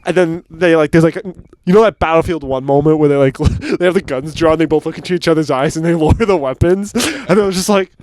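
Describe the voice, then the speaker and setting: A man's voice: a little high, brisk, few pauses, darkish tone. A young man co-hosting a podcast, telling rambling jokey stories and swearing casually. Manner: joking, rambling storyteller, swears a lot. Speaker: podcast co-host. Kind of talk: casual chat.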